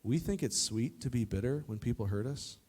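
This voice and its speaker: A man preaching a youth sermon to a live audience, lively and joking, talking straight to the crowd. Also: mid-range voice, brisk, husky. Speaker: youth pastor. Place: church youth service in front of an audience.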